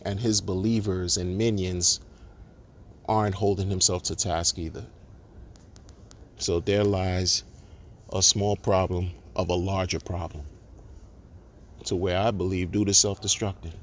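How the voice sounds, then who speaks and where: A man's voice: low-pitched, little pitch movement, unhurried, long pauses, slight background noise. A man ranting indignantly to camera, repeating himself and restarting words as he builds his case. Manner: indignant, repetitive, stammering restarts. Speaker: crypto commentator. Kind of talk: ranting monologue.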